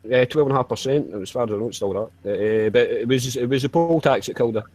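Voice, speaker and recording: A man's voice: medium pitch, quick pace, a little mellow. A man in his forties with a Yorkshire accent, chatting casually over voice chat and swearing freely in friendly banter. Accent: Yorkshire English. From Yorkshire, England.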